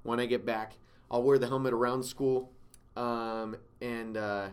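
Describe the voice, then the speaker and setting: A young man hosting a casual sports commentary show, getting excitable and climbing sharply in pitch when he is indignant. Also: measured pace, clean tone.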